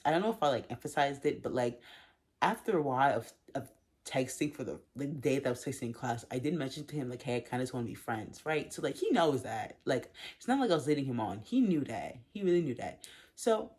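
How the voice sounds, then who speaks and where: Husky-voiced young woman telling a story. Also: extremely low pitch, fast talker. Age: young adult. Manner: chatty, animated, filler-heavy with frequent laughs. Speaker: vlogger. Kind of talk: storytime vlog.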